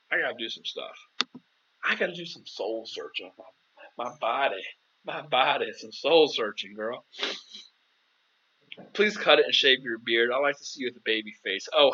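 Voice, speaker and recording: A man's voice: medium pitch, sharp tone, muffled recording. A man hosting a casual live-stream Q&A as a dating coach, chatty and playful, calling viewers "girl".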